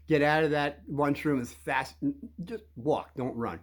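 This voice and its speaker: A man with a somewhat high voice talks kids through dealing with bullies in a loose, rambling monologue. He acts out little scenes and jumps into loud quoted lines. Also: unhurried. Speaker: host giving kids advice on bullies.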